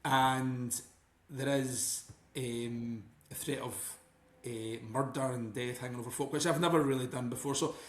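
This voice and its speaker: A man's voice: medium pitch, fairly even intonation, normal speed. Scottish man, chatty, in a roomy space. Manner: rambling, many restarts and "you know". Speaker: guest author and teacher. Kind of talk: casual podcast interview. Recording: roomy echo.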